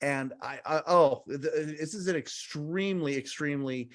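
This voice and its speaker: A man in his forties in an energetic podcast conversation, talking emphatically and speaking to the listeners directly. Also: a little high, normal speed. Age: 40s.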